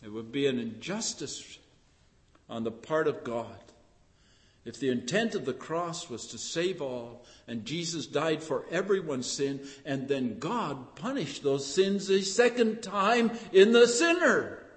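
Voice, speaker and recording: A man preaching a sermon with fervent emphasis that builds to loud, emphatic peaks. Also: on the high side, lively intonation, measured pace, big-room sound.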